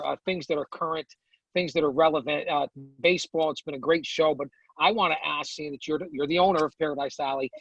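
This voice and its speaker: Gravelly, bright-voiced podcast host man. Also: fairly high pitch, dry recording, rough recording. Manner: steers the talk with questions. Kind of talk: casual podcast chat.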